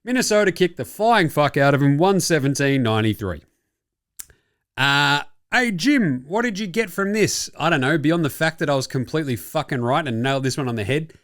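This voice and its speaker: A man's voice: fairly high pitch, expressive, normal speed, a bit bright. A young Australian man hosting a casual sports chat show, jokey, rambling and full of swearing. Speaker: podcast host.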